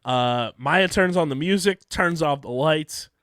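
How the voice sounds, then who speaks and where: In a laid-back podcast, a man co-hosting the show talks his way through a plot summary, often laughing and filling pauses with "um." His voice is a little high and fairly bright, clear and resonant, delivered at a measured pace. The studio-quality audio has no room sound.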